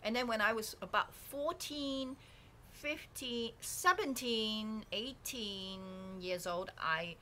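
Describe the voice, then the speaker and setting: A woman's voice: a little high, slow, pushed and bright, slight background noise. A woman vlogger talking candidly on her own channel, rambling and self-reflective with many restarts, recorded on a dedicated microphone indoors. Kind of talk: casual talking-head reflection. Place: indoors at home, painting behind her.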